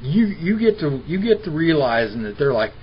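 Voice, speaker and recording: A man's voice: fairly high pitch, very animated, moderate pace, slightly rough. A middle-aged man telling stories in an interview, argumentative and mimicking the people he quotes. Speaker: interview guest. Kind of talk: impassioned personal storytelling. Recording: dull lo-fi recording with faint hiss.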